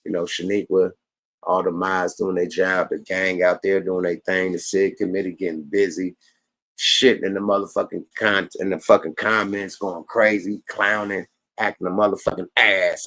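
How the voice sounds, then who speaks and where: A man hosting his own livestream podcast, talking casual and profane with a slurred, gravelly drawl. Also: deep voice, flat delivery, normal speed, a bit bright. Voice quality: gravelly, slurred like a drunk wino. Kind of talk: casual stream sign-off.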